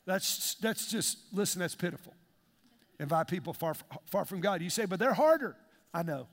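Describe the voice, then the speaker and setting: A man's voice: sits high, moderate pace, a bit bright. A man preaching a fervent, conversational sermon and repeating phrases as a pastor. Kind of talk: sermon with altar call. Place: large church auditorium. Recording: long reverb of a big hall.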